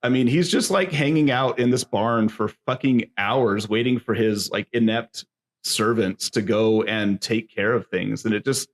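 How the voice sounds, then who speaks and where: A man's voice: lowish voice, measured pace. A man co-hosting a podcast, rambling through a casual movie review and swearing freely. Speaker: podcast co-host.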